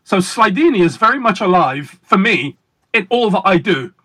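Husky-voiced man telling stories deliberately. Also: sits high, animated, pushed and bright. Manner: deliberate, emphatic, pauses for effect. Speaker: guest magician. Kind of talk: casual interview storytelling.

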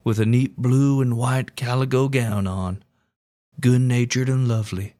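A man doing a hammy old-time gentleman. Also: mid-range voice, steady tone, unhurried, close to an everyday voice. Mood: fond. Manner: hammy mock accent, breaking into laughs.

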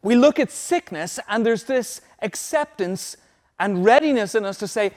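A man's voice: high voice, animated, moderate pace, darkish tone. A man preaching a sermon as pastor, emphatic, repeating key phrases so listeners can take notes.

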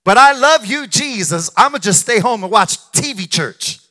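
A man's voice: sits high, expressive, pushed and bright. A man preaching in the voice of a whiny churchgoer who makes excuses to skip church. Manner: whiny, mocking, fast. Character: complaining churchgoer making excuses to stay home.

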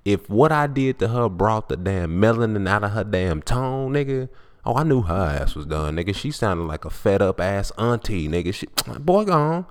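A man's voice: lowish voice, animated, moderate pace. A man in his twenties hosting a podcast, talking in an unscripted, profane and preachy monologue with blunt storytelling. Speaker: podcast host.

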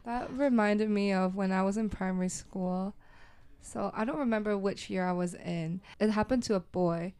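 Smooth-voiced young woman, casual chat. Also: medium pitch, normal speed, a little mellow. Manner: thoughtful, lots of "like" fillers.

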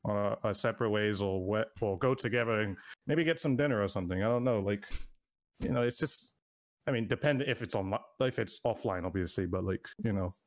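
A man's voice: fairly low pitch, fairly quick. A man co-hosting a podcast in casual chat, rambling with many fillers and laughing easily. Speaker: podcast co-host.

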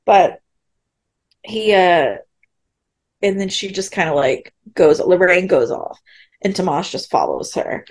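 A woman co-host recaps a TV episode on a podcast in a fairly low, very animated voice, taking it slowly with long pauses. She's chatty, acts out the quoted lines, and laughs often.

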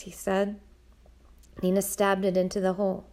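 A woman narrating an audiobook in a measured storytelling manner. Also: medium pitch, monotone, a little mellow.

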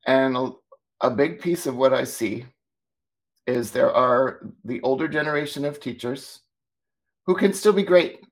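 A man, a former teacher co-hosting a talk show, telling stories in a lively, casual way and acting out what people said. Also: medium pitch, unhurried, pauses often. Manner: animated, acts out quoted dialogue. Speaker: podcast co-host, former teacher. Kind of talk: casual storytelling chat.

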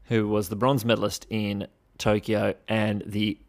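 A young man hosting a casual sports podcast, chatty and wry, swearing casually, with animated bursts. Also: fairly low pitch, a little slow, gravelly. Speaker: podcast host.

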